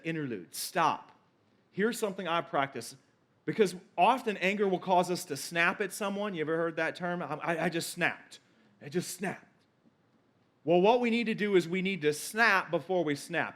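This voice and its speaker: High-voiced man preaching a lively sermon. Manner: lively preaching, quoting scripture with emphatic repetition. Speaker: pastor.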